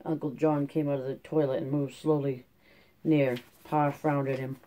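Mellow, steady audiobook narrator. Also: mid-range voice, normal speed. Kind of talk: scripted narration.

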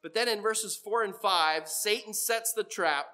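A middle-aged man preaching a sermon in a church, telling stories and getting animated when he quotes other people. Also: sits high, a little slow.

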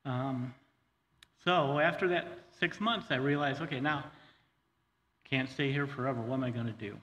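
A middle-aged man telling his personal testimony in a church, earnest and halting, with many fillers and restarts. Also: mid-range voice, a bit bright, a little hiss or hum. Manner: earnest, says he gets choked up. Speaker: guest speaker sharing his testimony. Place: church hall. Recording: long hall reverb, faint ambience.

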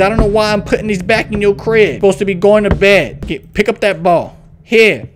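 A man's voice: high voice, normal speed, few pauses, background noise. A young man doing horror game commentary, jumpy, swearing and scolding an unseen baby like a parent. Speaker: gaming YouTuber.

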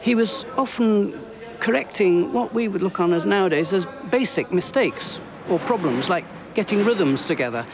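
British orchestra player outdoors, noisy street. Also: male voice, high voice, expressive, normal speed. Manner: chatty, imitates rhythms. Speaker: orchestra musician. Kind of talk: anecdotal interview.

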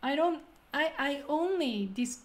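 A woman with a Japanese accent hosting a casual language lesson, talking quickly and laughing often. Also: high voice. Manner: quick, laughing, switches between English and Japanese. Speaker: Japanese teacher host.

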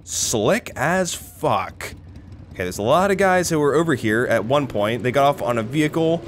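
A young man talks over his own shooter gameplay in a lively, swinging voice, dry and sarcastic one moment and yelping high in panic the next. He swears freely. Faint game noise sits underneath him. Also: normal speed. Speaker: gaming commentator. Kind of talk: live gameplay commentary.

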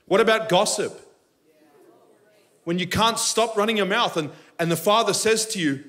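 A man preaches from the stage of a live church service, his voice sitting a little high for a man. He tells stories with humor and acts out the voices in them, speaking into a stage microphone. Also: moderate pace. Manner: animated, humorous storytelling with impressions. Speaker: pastor. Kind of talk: sermon.

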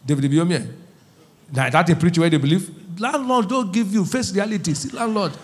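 Brief: middle-aged male pastor, high voice, call-and-response sermon, soft asides to shouts. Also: brisk.

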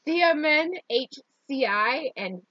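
A woman's voice: sits high, animated, slow, no echo, dull audio. A woman with a Southern country accent reading out a shake's ingredient list, stumbling over long words and laughing at herself. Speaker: co-host reading an ingredient label. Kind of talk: casual chat.

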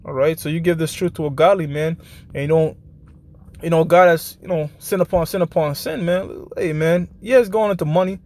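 A man with a notably high voice preaching live in a blunt, profane, street-talk manner. He keeps checking in with his listeners and drops into a slow, deliberate cadence whenever he reads scripture aloud. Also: darkish tone. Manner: slows down for scripture passages. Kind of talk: informal preaching with scripture reading.

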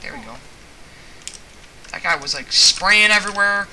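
High-voiced man rambling over loud keyboard clicks. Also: moderate pace, a little hiss or hum, poor audio. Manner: rambling, filler-heavy chat while reacting to the game. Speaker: gaming channel host. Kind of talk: casual gameplay commentary.

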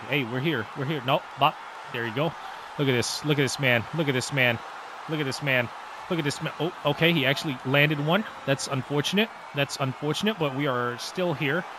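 Against a noisy background, a man hosts a gaming video with excitable, trash-talking commentary on the gameplay. He swings between loud hype and low muttering.

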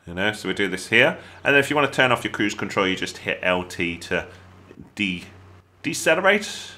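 Bright, lively English gaming tutor. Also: male voice, fairly low pitch, brisk. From England. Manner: chatty, excitable, jokey asides. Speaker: gaming YouTuber. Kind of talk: casual gameplay tutorial voice-over.

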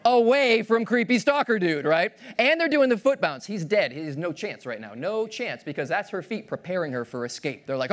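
A man's voice: high-pitched, very animated, normal speed, hardly any pauses, a bit bright. A man giving a playful keynote talk on stage, acting out little scenes and voices. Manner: playful, acts out voices of others. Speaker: keynote speaker. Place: large conference hall stage.

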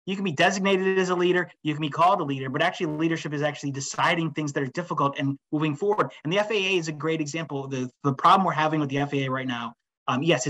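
Male panelist in his fifties, fairly high voice, emphatic, rambling. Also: a bit bright, rough recording. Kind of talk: webinar panel discussion.

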